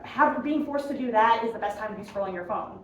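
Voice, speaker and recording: A woman's voice: a little high, quick pace. A young American woman doing a stand-up comedy set, self-deprecating and chatty, often laughing at her own jokes. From United States. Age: young adult. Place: comedy club room with a live audience. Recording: echoey room, mic heard from a distance, noisy.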